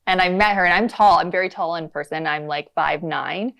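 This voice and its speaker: A woman with a somewhat low voice chats as a podcast guest. She tells stories in a chatty, giggly way. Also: brisk, creaky, fairly bright tone. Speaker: podcast guest, studio owner. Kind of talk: casual podcast chat.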